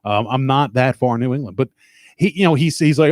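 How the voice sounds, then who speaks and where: A man's voice: medium pitch, fast, a little mellow, dry recording. Man, Long Island accent, stuffed-up, profane rambling podcast host; dry close mic. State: stuffed up nose. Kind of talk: casual chat.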